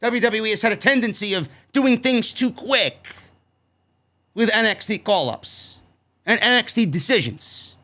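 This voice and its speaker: A man with a New York accent reviewing a wrestling show in a loud, sarcastic, profane rant that breaks into shouts. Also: high-pitched, expressive, a little slow. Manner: loud, sarcastic, swears a lot, shouts often.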